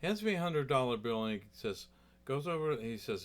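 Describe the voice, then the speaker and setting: Chatty man telling a story, middle pitch. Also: sing-song, normal speed. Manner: rambling, chatty, lots of fillers and asides. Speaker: guitarist and storyteller. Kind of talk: casual storytelling.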